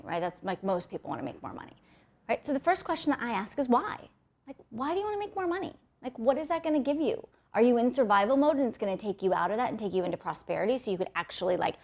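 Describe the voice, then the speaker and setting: A woman's voice: medium pitch, a little mellow. A young woman giving a blunt, profane motivational talk, often ending points with "right?". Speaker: motivational speaker.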